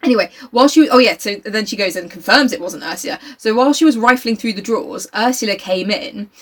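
A woman at a middle pitch talks through a novel with a co-host, reading bits aloud and laughing between them. Her talk is loose and chatty, with plenty of swearing and filler words. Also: fast. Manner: laughs often, swears, reads passages aloud. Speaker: podcast co-host. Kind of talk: casual chat recapping a novel.

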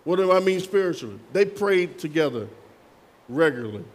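High-voiced preaching pastor. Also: male voice, very animated, a little fast, a little hiss or hum. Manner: call-and-response preaching, playful asides. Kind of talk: sermon.

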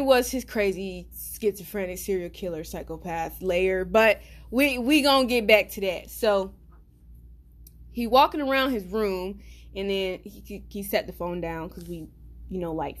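Animated slangy woman telling a story. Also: medium pitch, normal speed. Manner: animated, slangy, blunt, laughs while telling. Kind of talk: casual storytime.

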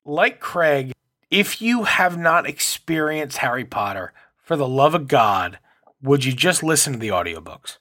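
A man with a bright, forceful, fairly high voice joins a casual podcast chat. He talks emphatically and with a lot of enthusiasm. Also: sing-song, a little slow.

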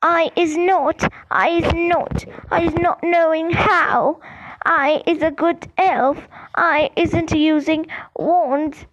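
Lady doing a squeaky scared house-elf, high and slow, broken grammar, muffled old audiobook sound. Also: steady tone. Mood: pleading. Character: timid squeaky female house-elf servant, frightened. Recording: dull lo-fi audiobook recording.

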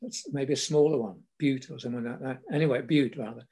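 Speaking fast with fairly even intonation, this older southern English man has a medium-pitched voice that's mellow yet slightly rough. He tells stories from his working life casually, laughing a little as he goes, like a relaxed memoir.

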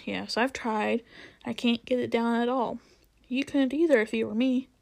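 A woman's voice: on the high side, fairly even intonation, normal speed, vocal fry. A woman voicing a tired, curious young boy in a storybook reading, who asks plain, blunt questions. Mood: questioning.

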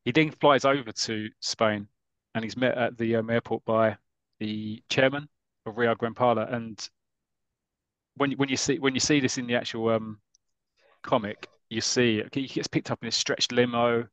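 A man's voice: medium pitch, normal speed, no echo. Podcast host, man, mid-range voice, dry close sound, chatty storyteller who acts out bits. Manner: lively storyteller who acts out characters' lines. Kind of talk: casual podcast chat, retelling a comic story.

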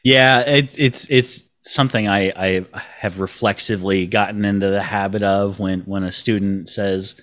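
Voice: low voice, steady tone, measured pace, fairly bright tone. Blunt, laughing teacher co-host. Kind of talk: casual chat.

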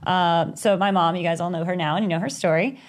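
A woman, co-hosting a podcast in casual chat, telling a story animatedly and acting out quoted voices with sudden high pitch jumps. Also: quick pace. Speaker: podcast co-host.

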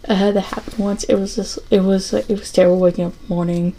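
A woman's voice: medium pitch, steady tone, fast talker, warm tone, low-quality recording. A young adult woman hosting a casual solo podcast, rambling with lots of fillers and restarts. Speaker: podcast host.

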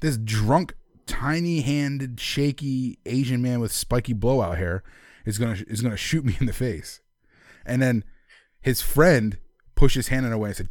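A podcast co-host from the Philadelphia area tells a story in casual chat, laughing and acting out the people he quotes. He speaks at medium pitch and normal speed with a darkish tone, in clean studio sound with no room echo.

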